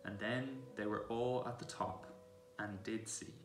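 A man gently reading a children's novel aloud in a church, recorded from a distance. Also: on the low side, steady tone, a little slow. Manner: gentle storytelling. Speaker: reader. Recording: echoey church room, distant mic.

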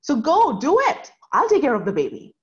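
A bubbly, pushy older mother-in-law, as a woman storyteller puts her on, her voice climbing high with excitement. She insists loudly, all warm command. The recording is a little muffled. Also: normal speed. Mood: excited. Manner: gushing, insistent.

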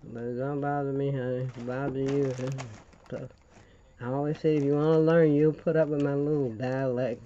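Folksy older Louisiana woman, warm tone. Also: a bass voice, steady tone, moderate pace, muffled recording, slight background noise. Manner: folksy, rambling, calls viewers honey. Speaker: craft tutorial host. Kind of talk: chatty crafting tutorial.

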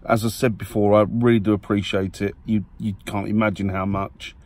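A man's voice: on the low side, level tone, normal speed, a little mellow. A man vlogging casually to his viewers from his car, rambling and correcting himself as he talks. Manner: rambling, self-correcting, friendly. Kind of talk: casual vlog to camera. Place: parked car.

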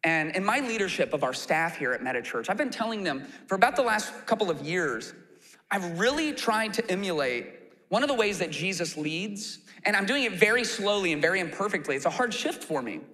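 A male pastor delivers his sermon with a high, bright voice that swings widely in pitch. He acts out quoted lines with animated energy. The sound carries a long hall reverb from the church room. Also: a little fast. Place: church auditorium.

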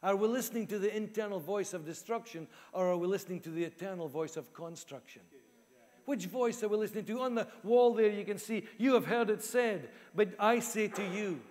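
Male pastor, high voice, earnest repetitive sermon delivery, long church-hall reverb. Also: a little fast, darkish tone. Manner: earnest, repeats key phrases for emphasis.

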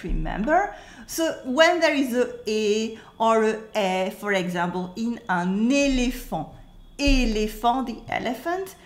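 A woman with a French accent teaching a scripted language lesson, modeling words slowly and carefully for learners to repeat. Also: fairly high pitch, reverberant. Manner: slow, careful model pronunciations and drills.

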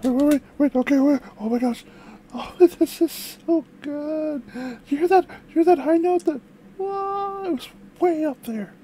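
A woman voicing an excitable female puppet who hosts a music reaction vlog, gushing and exclaiming with lots of repeated words. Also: sits high, unhurried, a little hiss or hum. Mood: excited. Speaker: reaction video host.

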